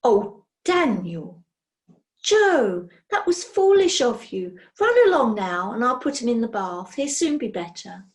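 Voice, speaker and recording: A woman's voice: fairly high pitch, big pitch swings, measured pace. A woman reading a storybook aloud, voicing a lovestruck, fretful adult witch who speaks emotionally. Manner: pleading, emotional.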